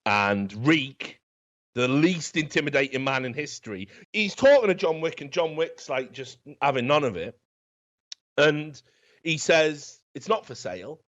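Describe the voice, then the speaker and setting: A man's voice: on the high side, lively intonation, measured pace, fairly bright tone. Profane rambling man, lo-fi recording. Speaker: film review podcast host. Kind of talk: casual comedic film review. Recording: dull, lo-fi sound.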